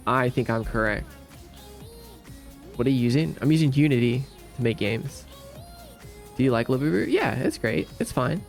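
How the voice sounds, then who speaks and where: A man's voice: medium pitch, big pitch swings, moderate pace, creaky, pauses often, faint music behind. A man streaming live, answering his chat in a casual, joking way.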